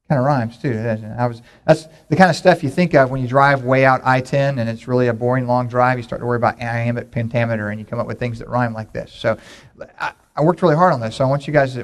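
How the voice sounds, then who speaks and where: A middle-aged man preaching a sermon, telling homey stories in a relaxed, conversational way. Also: medium pitch. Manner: conversational, folksy storytelling with props. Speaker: pastor.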